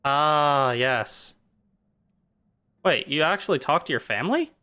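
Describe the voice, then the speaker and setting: This man's voice sits a little high, with lively intonation, a slow pace, and a sharp yet smooth tone. Streaming a game, he rambles casually and playfully, wandering between jokes and reflections.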